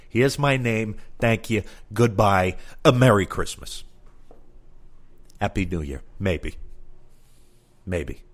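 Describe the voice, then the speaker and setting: A man's voice: lowish voice, fairly bright tone. A man doing a comedic storytelling monologue, exasperated and profane, acting out both sides of the conversations he recounts.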